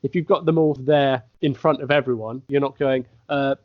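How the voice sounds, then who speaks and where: A man at a middle pitch, a guest in a casual talk, who tells anecdotes with laughs and acts out little quotes. The sound is dry and close, slightly muffled and lo-fi. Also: fairly even intonation, fairly quick, no echo. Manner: storytelling, acts out quotes, laughs between lines. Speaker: podcast guest. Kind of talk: casual chat. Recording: dry, dull lo-fi recording.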